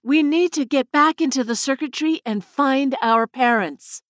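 A woman's voice: sits high, unhurried, no room sound, clean studio sound, pitched above the performer's own voice. A woman voicing a determined young girl who questions fiercely. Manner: demanding, fierce.

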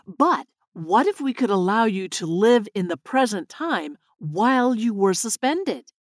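A woman voicing a calm physicist explaining ideas in a measured way. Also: medium pitch, no room sound, clean studio sound.

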